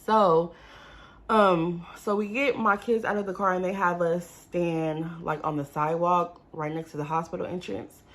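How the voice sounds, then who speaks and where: A young woman tells a storytime vlog in a casual, animated way and talks straight to her viewers. Her voice sits fairly low and has a gravelly edge of fry. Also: moderate pace. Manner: animated, addresses viewers as y'all. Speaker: vlogger.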